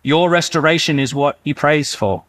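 A man's voice: a little high, moderate pace, fairly bright tone. A man preaching a sermon in a conversational way, sometimes acting out inner voices. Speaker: pastor.

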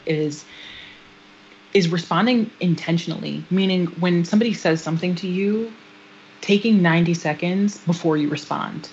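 A woman co-hosting a podcast in casual chat, explaining things in a measured, counselor-like way. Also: lowish voice, darkish tone, dull audio, a little hiss or hum. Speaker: podcast co-host.

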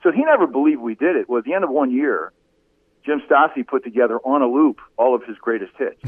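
A man and former radio broadcaster telling animated anecdotes in a casual interview. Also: medium pitch, fast talker, slightly rough, no room sound. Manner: animated anecdotes, voice rising when telling funny moments. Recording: phone-like narrow sound, dry.

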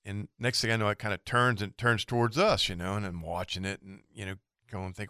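A man's voice: fairly low pitch, fairly quick, clean tone, no echo, studio quality. A middle-aged man telling a fishing story as a guest on a radio show. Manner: animated, lively storyteller. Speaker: guest charter captain.

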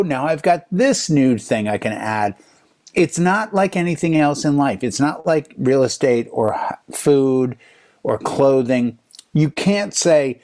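A man in his fifties, a DJ, telling animated stories in a casual conversation and acting out other people's lines. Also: on the high side, measured pace. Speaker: DJ and podcast co-host. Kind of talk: casual chat.

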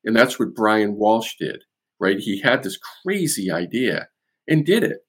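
A man, a guest author on a podcast, explaining a case in animated storytelling with restarts. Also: lowish voice, measured pace, breathy edge. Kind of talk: podcast interview.

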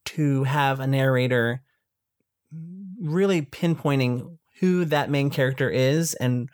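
A woman co-hosting a podcast, reviewing an audiobook in a measured casual chat with sassy asides. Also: very deep voice, a little mellow, no echo, studio quality.

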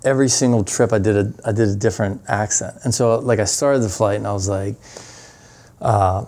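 Animated man telling stories. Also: fairly low pitch, fast talker. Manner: animated, rambling with fillers and restarts. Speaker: podcast guest. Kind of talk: casual storytelling chat.

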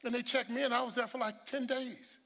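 A man preaching a sermon, telling stories with humor and repeating words when he rushes. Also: very high voice, big-room sound. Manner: animated storytelling with humor.

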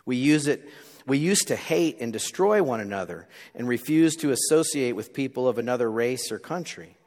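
A man's voice: mid-range voice, expressive, normal speed, darkish tone. A middle-aged male pastor giving an earnest sermon. He reads scripture aloud and often repeats words as he restarts. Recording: long reverb of a large hall.

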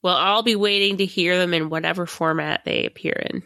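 A woman's voice: on the low side, steady tone, brisk, bright, forceful tone, no echo, studio quality. A woman guest on a podcast, chatting casually and making playful jokes. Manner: joking, playful. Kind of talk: casual chat.

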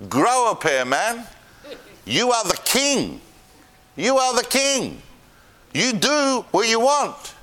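A man voicing a domineering queen who mocks her husband in a raised, higher voice during a lesson. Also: big pitch swings, takes it slowly, pauses often, bright, forceful tone, exaggerated voice. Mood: scornful. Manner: mocking and bossy. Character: scornful domineering queen, adult woman.

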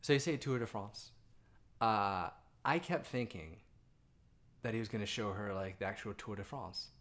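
A man's voice: on the low side, moderate pace, a bit bright. A man co-hosting a movie review podcast, bantering in a jokey, self-deprecating way. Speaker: podcast co-host. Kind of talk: casual chat, movie review.

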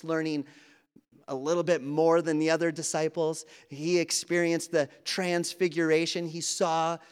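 In a church sanctuary full of long hall reverb, a man preaches an earnest, conversational sermon and acts out quoted dialogue. His fairly high voice is clear and resonant.

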